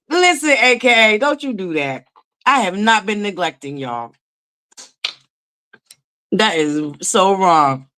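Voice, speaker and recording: A woman's voice: mid-range voice, expressive, slow pace, pauses often, sharp tone. A woman hosting a casual livestream from home, chatting and greeting viewers by name. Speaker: livestream host.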